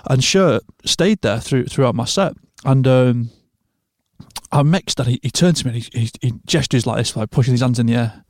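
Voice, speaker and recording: A man hosts a podcast from a recording studio, chatting casually and swearing freely. His voice is mid-pitched. The sound is dry and close. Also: normal speed, no room sound. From England. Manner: swearing, laughing storyteller. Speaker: podcast host. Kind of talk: casual chat.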